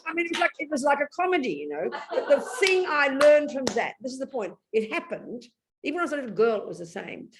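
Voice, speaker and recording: Animated older English woman teaching. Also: high-pitched, fast, background noise. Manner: blunt, animated storytelling with sudden loud outbursts. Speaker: Buddhist nun teacher. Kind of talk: Dharma talk.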